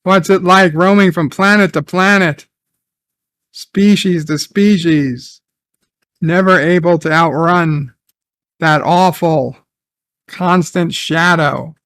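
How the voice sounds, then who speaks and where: A man putting on a hushed taunting villainess. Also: lowish voice, takes it slowly, long pauses, no room sound, clean studio sound. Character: menacing cryptic woman villain.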